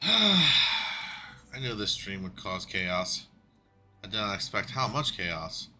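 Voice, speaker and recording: A man's voice: fairly low pitch, very animated, takes it slowly, bright, forceful tone, soft background music. A man streaming a game, chatting casually to viewers, flustered and swearing freely as he talks to himself. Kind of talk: casual gaming livestream chat.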